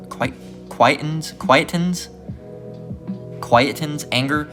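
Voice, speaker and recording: A man's voice: mid-range voice, normal speed, music in the background. A man teaching from scripture in a casual sermon, repeating "okay?" and "all right?" as he goes. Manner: informal, repetitive, keeps asking "okay?" and "all right?". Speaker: Bible teacher.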